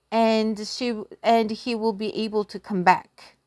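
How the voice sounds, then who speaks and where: Woman teacher, unhurried and chatty, dry close sound, bit of a higher voice. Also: lively intonation, no room sound. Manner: chatty, giggly, self-deprecating. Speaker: language teacher. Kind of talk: casual storytelling lesson.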